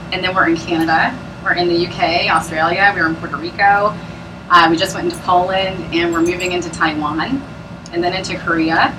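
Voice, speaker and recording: A woman with a fairly low voice pitches to a live audience at a business opportunity meeting, bubbly and talkative and frequently laughing. The mic is far from her, and the background is noisy.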